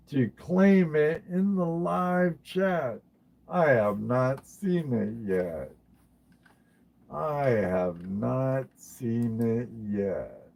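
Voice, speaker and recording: A man's voice: a little high, gravelly, a little mellow. A man hosting a casual livestream, chatting with viewers by name and often repeating his phrases. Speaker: livestream host.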